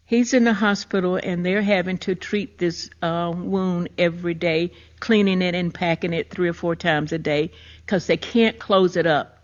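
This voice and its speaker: An older woman, hosting a podcast and emphatically telling a personal story of grief. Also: fairly low pitch. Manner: emotional, emphatic retelling. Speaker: podcast host. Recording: muffled lo-fi recording.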